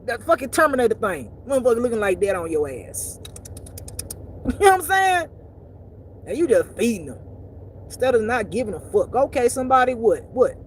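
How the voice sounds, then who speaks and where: A woman's voice: fairly high pitch, very animated, fairly quick, long pauses, slight background noise. A woman giving blunt, profane, emphatic spiritual life advice in a casual talk.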